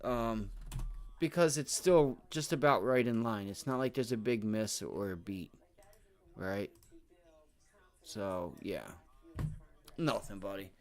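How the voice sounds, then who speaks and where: A man hosting a live day-trading stream, talking casually to viewers while reading charts, muttering, cursing at his software and tossing in "right?" and "my friend" all the time. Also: lowish voice, takes it slowly, pauses often. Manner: repeats filler words like right and my friend. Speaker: livestream day trading host.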